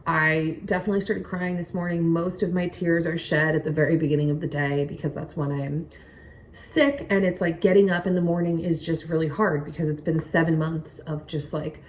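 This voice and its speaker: A young woman talks to her viewers in a loose, rambling vlog chat, getting excitable as she goes. She sits a little back from the mic, and a faint hum of noise sits under her voice in the room at home. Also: low-pitched, moderate pace, far from the mic. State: pregnant, recovering from nausea. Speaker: vlogger. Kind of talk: casual chat to camera. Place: home, indoors by a window.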